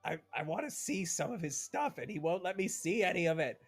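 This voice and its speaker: A man's voice: sits high, very animated, fairly quick, soft background music. A man running a tabletop game as game master, narrating with playful energy and frequent laughs.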